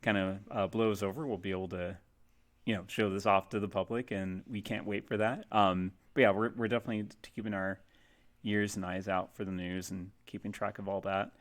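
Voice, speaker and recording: A man's voice: fairly low pitch, level tone, a little fast. A man chatting casually on a livestream, rambling and self-deprecating with lots of fillers, testing his webcam mic. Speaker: game cafe streamer. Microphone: webcam mic, testing placement.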